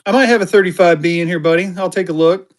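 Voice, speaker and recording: A man with a high voice hosts a casual live-stream sale. He talks chattily and greets buyers by name. He keeps urging everyone to get in and bid. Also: fast talker. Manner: hypes bidders, greets viewers by name. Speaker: live-stream auction host. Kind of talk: live-stream selling chat.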